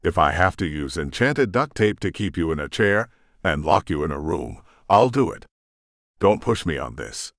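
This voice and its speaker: A man's voice: sits low, big pitch swings, moderate pace, creaky, a bit bright, no echo, studio quality, heavily acted. A man voicing a stern, commanding woman who gives clipped orders. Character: stern commanding woman demon-hunt leader.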